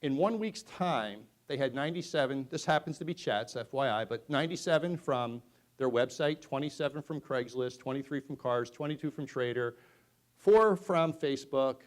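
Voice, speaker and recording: A middle-aged man gives a conference presentation in an ordinary mid-pitched voice. He talks to the room like a conversation, pushing some words out loud and dropping others to a near murmur. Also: normal speed. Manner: animated storyteller, swings from loud to hushed. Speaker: conference speaker. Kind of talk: presentation to an audience.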